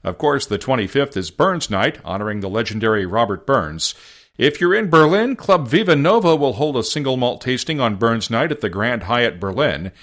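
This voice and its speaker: Wry, animated American podcast host. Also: male voice, medium pitch, normal speed. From United States. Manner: wry, self-deprecating. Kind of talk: scripted podcast narration.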